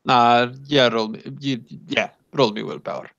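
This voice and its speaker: A man's voice: medium pitch, steady tone, moderate pace, gravelly, fairly bright tone, no echo. A man narrating as game master of a tabletop role-playing game in a loose, casual way, on a dull lo-fi recording. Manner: loose, casual, rambling with fillers. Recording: dull lo-fi sound.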